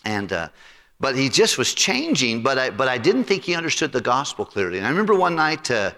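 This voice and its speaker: A male pastor telling a personal story in an animated, conversational sermon. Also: medium pitch, brisk. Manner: animated, conversational anecdote with repetitions. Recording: reverberant hall.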